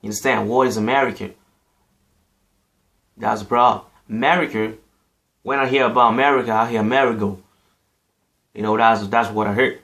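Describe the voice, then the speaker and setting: African guy ranting to camera, kinda low voice, keeps saying you know. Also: fairly even intonation, fairly quick, pauses often, a bit bright. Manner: repetitive, emphatic, fillers like "you know". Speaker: vlogger. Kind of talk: casual opinion monologue.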